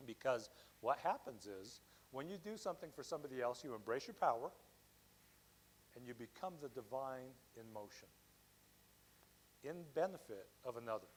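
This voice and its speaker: A man giving a Sunday talk at a spiritual center, lively and conversational, often checking in with "okay?". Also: medium pitch, normal speed, long pauses, slight background noise, rough recording. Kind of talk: sermon.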